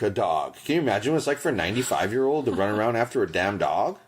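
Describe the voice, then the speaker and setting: A man's voice: fairly low pitch, very animated, rapid-fire. A man co-hosting a podcast in casual chat, emphatic and teasing. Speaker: podcast co-host.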